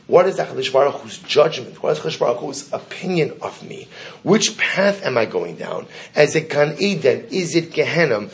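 A man's voice: mid-range voice, slight background noise. Man teaching a Talmud class. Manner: chants the Hebrew text, then explains it in English; asks the class questions. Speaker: Torah teacher.

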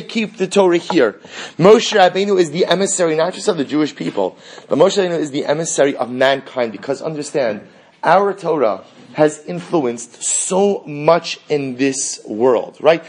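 A man teaching a Talmud class, telling the story with animated dialogue and rhetorical questions. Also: fairly high pitch. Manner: animated storytelling, acting out dialogue between characters; frequent restarts and rhetorical questions. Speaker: Torah teacher.

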